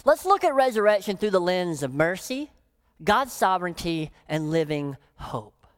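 A woman pastor preaching a sermon, emphatic, often dropping into soft, low phrases for weight. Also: very animated, moderate pace.

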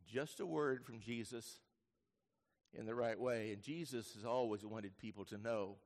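A male pastor preaching a sermon, telling the story vividly, dropping to hushed lines and rising to loud bursts. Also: medium pitch, a little slow. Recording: long reverb of a large hall.

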